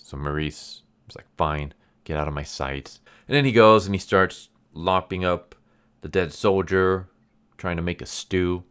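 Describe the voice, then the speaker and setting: A man's voice: rumbling low, fairly bright tone. A man casually retelling a comic's plot in a rambling way, full of fillers and restarts. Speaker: comic reviewer.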